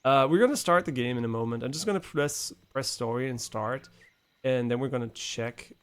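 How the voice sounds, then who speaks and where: A man's voice: medium pitch, moderate pace, a bit bright, smooth. A man streaming a video game live, chatting casually with many fillers and swear words.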